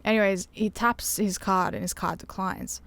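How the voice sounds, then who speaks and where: A woman's voice: mid-range voice, moderate pace, no echo. Woman telling a story animatedly. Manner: animated, acts out quotes of others. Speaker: podcast guest. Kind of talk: casual chat, storytelling. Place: caravan music studio.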